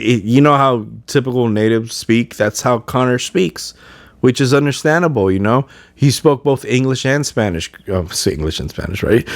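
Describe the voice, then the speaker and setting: A man's voice: lowish voice, no room sound. A man hosting a podcast in casual chat, rambling with many fillers and restarts. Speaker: podcast host.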